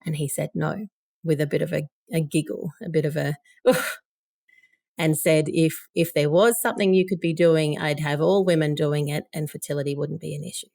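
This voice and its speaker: Low gravelly woman telling a personal story. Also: fairly even intonation, fairly quick, few pauses, a little mellow, dry recording, studio quality. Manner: emotional, candid, quoting others. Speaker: guest.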